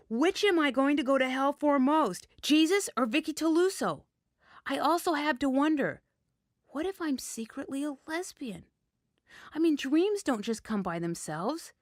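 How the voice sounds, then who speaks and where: A woman performs a first-person story in a frank, deadpan, wry manner. Her voice is fairly high, and the recording is close and dry. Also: no echo.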